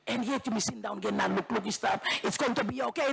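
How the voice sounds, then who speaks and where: A Bougainville woman from Papua New Guinea, a member of parliament, delivers an impassioned debate speech in the parliament chamber. Her voice is slightly high and creaky, and she speaks quickly with few pauses. In a Bougainville accent, she repeats phrases for emphasis and slips into Tok Pisin.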